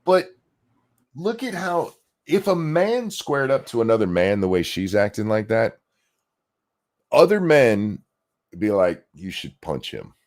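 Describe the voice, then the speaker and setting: A man's voice: mid-range voice, sing-song, unhurried, long pauses, a little mellow. A man hosting a podcast, ranting in casual, mocking, sarcastic commentary. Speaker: podcast host.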